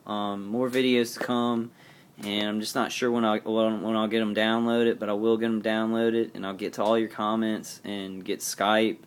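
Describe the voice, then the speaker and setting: A man talking to his viewers in a personal video diary, in a rambling, halting, earnest way. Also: fairly low pitch, flat delivery, clean tone. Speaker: vlogger.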